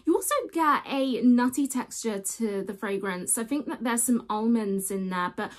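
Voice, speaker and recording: A young woman with a slightly high voice talks to camera about perfumes. She gushes freely and keeps it chatty, often calling her viewers guys, in a relaxed vlog review. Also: moderate pace.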